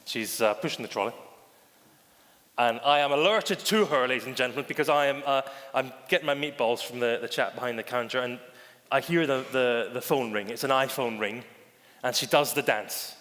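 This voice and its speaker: In a reverberant conference hall, a male bank digital chief delivers a keynote from the stage at a moderate pace in a mid-range voice. He's theatrical, calls the audience "ladies and gentlemen," and voices the characters in his anecdotes.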